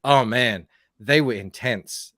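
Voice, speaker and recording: A man chats casually in a wry, joking way. His voice is mid-pitched and sounds dry and close, with no room. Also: slow pace, fairly bright tone, dry recording. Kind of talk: casual chat.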